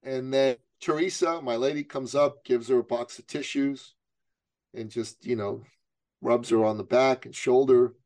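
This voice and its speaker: A middle-aged man from Iran, a business coach, telling a story in an interview and acting out the people in it with big jumps in pitch. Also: fairly even intonation, measured pace, darkish tone, dry recording.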